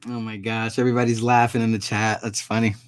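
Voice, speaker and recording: A man's voice: fairly low pitch, little pitch movement, fast talker, clean tone. A man chatting casually on a live stream, telling rambling stories with restarts and repeats. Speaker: storage auction buyer and show regular.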